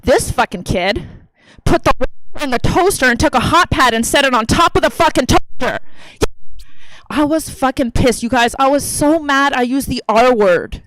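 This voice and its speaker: A woman's voice: sits high, normal speed, fairly bright tone, no room sound, rough recording. A woman in her thirties performing a profane, brash stand-up comedy set on a theater stage into a handheld mic. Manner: brash, profane, conversational delivery.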